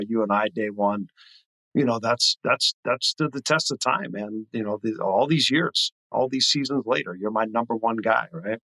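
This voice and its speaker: Bright-voiced earnest male podcast guest. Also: medium pitch, no echo, low-quality recording. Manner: earnest, reflective, lots of "you know". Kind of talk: casual chat.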